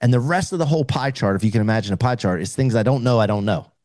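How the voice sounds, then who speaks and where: A man's voice: medium pitch, very fast, a little mellow, no echo. A middle-aged man speaking as a podcast guest, explaining earnestly in casual conversation with frequent restarts.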